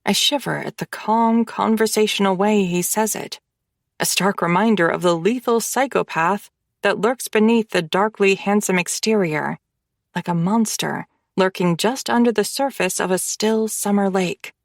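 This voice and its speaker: A woman narrating a romance audiobook in the first person, with measured, intimate storytelling. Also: medium pitch, vocal fry, no room sound, studio quality.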